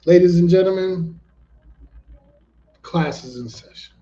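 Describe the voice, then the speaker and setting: A man hosting a casual talk show, telling a story with loose, swearing energy and repeating lines for emphasis. His voice sits a little high for a man, with a mellow, dark tone. The recording sounds dull and lo-fi. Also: a little slow. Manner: animated, profane, repeats himself for emphasis. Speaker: host.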